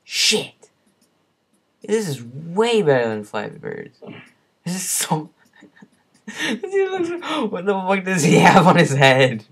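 A young man hosting a gaming channel drawls through his gameplay commentary at an unhurried pace. He is foul-mouthed and exasperated, dropping from low mutters to sudden yells at the game. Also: huge pitch swings, creaky, slightly rough. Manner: profane, exasperated, swings between mutters and yells.

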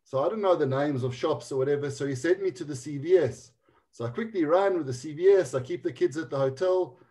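A man in his forties with a South African accent tells a story in a joking way. He stumbles and restarts often, and his voice sits fairly high. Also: dark tone. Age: 40s. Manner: jokey storytelling, halting restarts. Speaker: guest. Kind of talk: casual anecdote.

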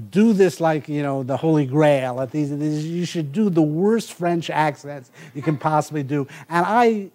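A middle-aged male professor giving a university lecture, halting with many filler sounds and restarts and reading passages aloud. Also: on the high side, darkish tone. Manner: reads passages aloud from the text.

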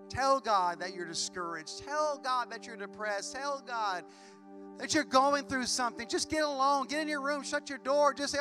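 A man's voice: very high-pitched, moderate pace, over music. A pastor preaching a sermon with impassioned delivery, his intensity rising and falling as he acts out prayers aloud. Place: church sanctuary.

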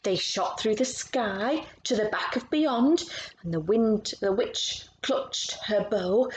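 A woman reading a picture book aloud to children, expressive and stopping to ask about the pictures. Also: mid-range voice, slow, poor audio. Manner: expressive, asks listeners questions about the pictures. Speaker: storytime reader.

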